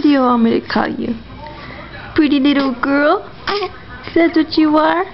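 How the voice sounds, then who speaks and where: A mother filming at home, talking slowly and coaxingly in sing-song baby talk to her toddlers. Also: high-pitched. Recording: dull lo-fi sound with steady background noise.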